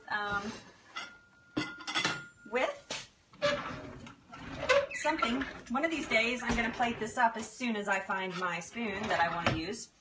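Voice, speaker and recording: Against background noise, a woman with a fairly high voice hosts an easygoing livestream from her home kitchen while she cooks. She's talkative, laughs often, and calls out viewers by name.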